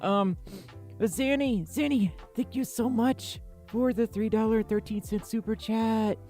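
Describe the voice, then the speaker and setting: A woman's voice: on the high side, measured pace, dark tone, soft background music. A woman hosting a casual livestream, chatting with viewers and reading their messages in a tired, scattered way, laughing often. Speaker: livestream host.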